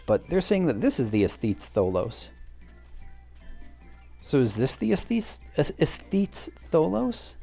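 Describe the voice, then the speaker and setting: A man's voice: medium pitch, vocal fry, dark tone. A man hosting a game playthrough, musing aloud in a rambling, casual way with filler words. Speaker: let's play host. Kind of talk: casual gameplay commentary.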